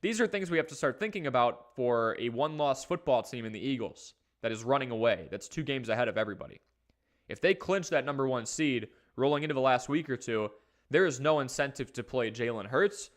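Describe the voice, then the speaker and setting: A man hosting a live fantasy football stream, talking casually and energetically while he reads from the chat. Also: mid-range voice. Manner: energetic, conversational, talks fast in bursts. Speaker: fantasy football livestream host.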